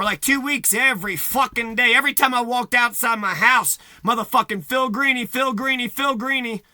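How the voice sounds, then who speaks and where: A man's voice: very high-pitched, bright, forceful tone, no echo, clean studio sound. A man delivering a profane, agitated rant to camera, repeating himself and swearing heavily. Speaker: vlogger.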